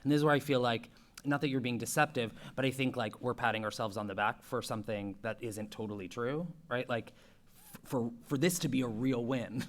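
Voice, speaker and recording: A man's voice: mid-range voice, steady tone, fairly quick. A man on a school committee asking questions at a public meeting, speaking casually and hedging often. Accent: Boston.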